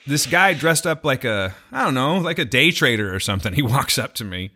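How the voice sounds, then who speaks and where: A man's voice: medium pitch, brisk, slightly rough. A man co-hosting a podcast, telling a long story in casual chat, acting out the people he quotes, swearing and laughing. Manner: animated, acts out quoted voices, swears, laughs. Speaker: podcast co-host.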